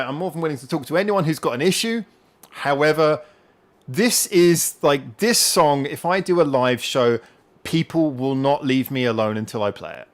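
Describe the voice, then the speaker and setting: Rambling, defensive man on a livestream. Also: medium pitch. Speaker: musician hosting a live chat. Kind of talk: casual livestream chat.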